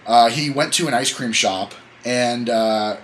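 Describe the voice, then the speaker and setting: A man's voice: mid-range voice, unhurried, a bit bright, a little hiss or hum, rough recording. A man hosting a casual podcast chat, telling a story in a rambling, joking way and correcting himself as he goes. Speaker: podcast host.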